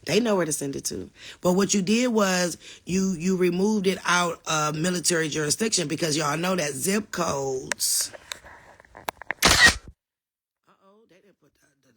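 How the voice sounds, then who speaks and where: Middle-aged woman host for a live chat Q&A: emphatic, forceful, bright tone, calls the audience y'all. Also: on the low side, measured pace. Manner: animated and emphatic, addresses the viewers as y'all. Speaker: livestream host answering viewer questions. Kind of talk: casual live Q&A reading chat comments.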